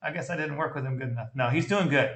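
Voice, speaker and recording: Brash, bright-voiced sales coach, echoey room. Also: male voice, medium pitch, fast. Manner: blunt, animated, laughs often. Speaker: sales trainer critiquing a call. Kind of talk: casual coaching commentary.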